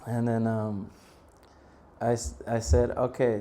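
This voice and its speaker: Casting: man in his thirties, animated storyteller in a temple talk, mid-pitched voice, laughs a lot. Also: slow pace. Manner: animated, laughs often, bursts into shouted prayers. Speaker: monk preacher.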